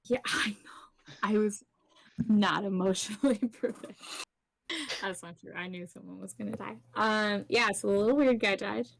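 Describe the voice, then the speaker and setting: A young woman chats on a stream in an offhand, giggly way. Her voice has plenty of gravelly fry, and the sound is dry and close. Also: medium pitch, fairly even intonation, moderate pace, dry recording. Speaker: co-host giving a recap. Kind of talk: casual chat.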